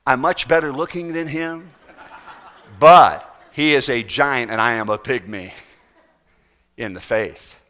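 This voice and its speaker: Folksy, bright-voiced male preacher. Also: mid-range voice. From United States. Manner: folksy and emphatic, swings between loud and soft. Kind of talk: sermon.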